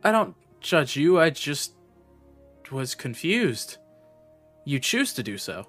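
A man playing his character in a tabletop game, speaking in a measured, reasoning way. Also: fairly high pitch, very animated, fairly bright tone, soft background music. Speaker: player. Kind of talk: in-character tabletop role-play.

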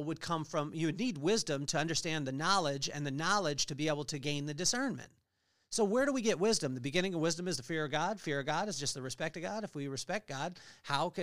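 A middle-aged man hosting a podcast, giving a lively motivational faith talk with family stories and scripture readings. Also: on the high side, no echo, studio quality. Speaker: podcast host.

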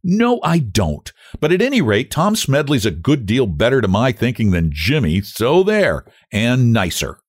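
A man's voice: medium pitch, wildly swooping pitch, unhurried, hardly any pauses, pitched above the performer's own voice. A man voicing a prim young woman who scolds sharply. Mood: scolding.

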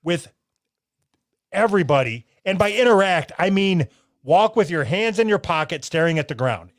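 A man's voice: high voice, expressive, normal speed, dry recording. A man co-hosting a podcast, trading crude, teasing insults in casual banter. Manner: teasing, profane, argumentative. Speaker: podcast co-host.

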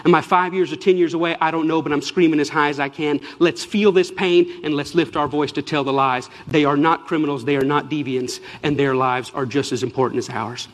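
A man with a high voice delivers a passionate speech in an emphatic, preacher-like rhythm. His words ring out with a long hall reverb around them. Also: fairly even intonation, brisk, hardly any pauses, slight background noise. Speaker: speaker giving a talk. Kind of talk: impassioned public speech.

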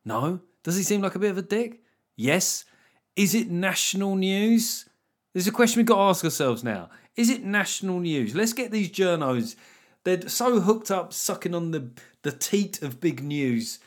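A man in his forties with an English accent, hosting a solo podcast in a sardonic, sweary rant that jumps into high, loud bursts. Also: expressive, normal speed. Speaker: podcast host.

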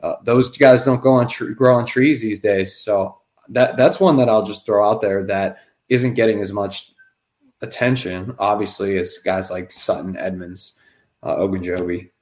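A man with a slightly low voice talking sports on a casual podcast. He hands out betting picks with breezy confidence, one after another. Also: steady tone, measured pace, a little mellow. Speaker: podcast co-host.

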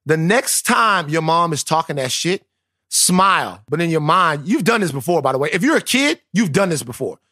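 Guy cohosting a podcast, lively swoopy voice, cussing and joking, dead dry mic. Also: fairly high pitch, normal speed, no echo. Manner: animated, profane, joking. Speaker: podcast co-host. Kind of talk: casual podcast banter.

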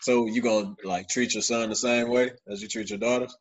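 A man's voice: medium pitch, fairly even intonation, fairly quick. A man interviewing a guest in an easygoing, casual way. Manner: easygoing, laughs along.

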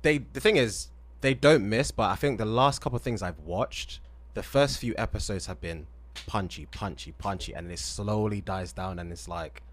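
Lower-voiced British man, measured. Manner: measured, thoughtful, hums agreement. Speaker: podcast guest. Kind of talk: casual chat.

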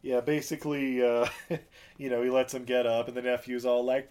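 A young man casually recapping a movie for a podcast, joking and laughing, slipping into quick character voices. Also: medium pitch, fairly even intonation, a little mellow.

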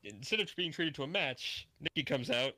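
A man's voice: on the high side, big pitch swings, brisk, bright, forceful tone, no room sound, rough recording. A young man co-hosting a casual podcast, laid-back and slangy, calling his friend dude and bro. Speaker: podcast co-host.

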